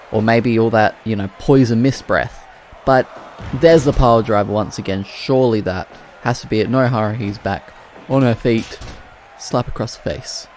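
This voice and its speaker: A man giving play-by-play commentary on wrestling matches, excitable and breaking into loud exclamations. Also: lowish voice, slight background noise.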